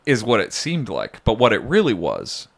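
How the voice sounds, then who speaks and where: A man's voice: fairly low pitch, huge pitch swings, moderate pace, vocal fry, fairly bright tone. A man co-hosting a podcast in casual chat, rambling and jokey, often mocking himself. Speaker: podcast co-host.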